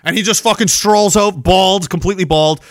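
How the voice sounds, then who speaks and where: A Canadian man in his forties, a podcast host telling wild stories in a profane, animated way, laughing often. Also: high voice, normal speed, no echo, clean studio sound. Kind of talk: casual storytelling.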